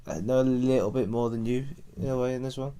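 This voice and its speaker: A man's voice: medium pitch, steady tone, fast, dark tone, clean tone. A man in his twenties from the UK, co-hosting a podcast with blunt, sweary teasing. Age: 20s. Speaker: podcast co-host. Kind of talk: casual chat.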